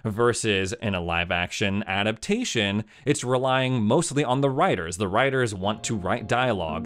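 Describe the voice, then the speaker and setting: A man's voice: on the low side, normal speed, few pauses, music in the background. A man hosting a casual video essay, talking in an opinionated, conversational way with lots of "like" and "man". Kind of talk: casual commentary.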